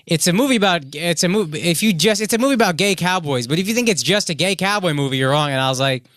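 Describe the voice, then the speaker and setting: A man's voice: sits high, lively intonation, fast talker, fairly bright tone, no echo, clean studio sound. A man on a comedy podcast talking casually in slang, swearing and acting out quotes.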